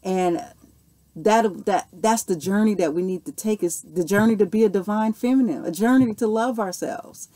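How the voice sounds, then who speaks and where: A woman's voice: medium pitch, normal speed, dark tone. A woman, telling a personal story and answering viewer questions in a casual, earnest way, often saying "okay" and "you know". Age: 40s. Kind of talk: casual Q&A monologue.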